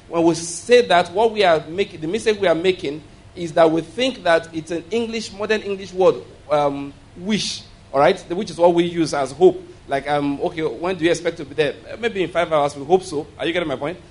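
Man, sermon, explanatory, fairly high-pitched. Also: normal speed. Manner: explanatory, checks in with listeners. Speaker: preacher. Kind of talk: sermon teaching.

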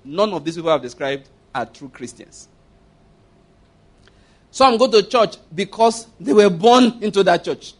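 A male preacher delivering a sermon, his voice sitting a little high. He tells stories and jokes with emphasis and acts out what people said. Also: expressive, measured pace, long pauses. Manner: storytelling with jokes and acted quotes, emphatic.

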